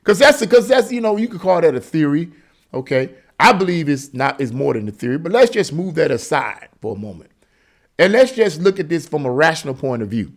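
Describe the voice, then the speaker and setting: Emphatic gravelly man ranting. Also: a little high, very animated, brisk. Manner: emphatic, repetitive and exhorting. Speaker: political commentator. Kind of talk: opinion monologue.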